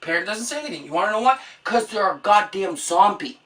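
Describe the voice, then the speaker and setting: A woman's voice: medium pitch, animated, quick pace, a bit bright, far from the mic. A woman vlogger on an exasperated, profanity-laced comedic rant. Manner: exasperated, swears a lot.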